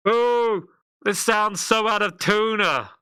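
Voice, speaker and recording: A man voicing a sly shapeshifting heckler who taunts in a high, sing-song voice. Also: takes it slowly, pushed and bright, clear, resonant tone, no room sound, studio quality, exaggerated voice. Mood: mocking.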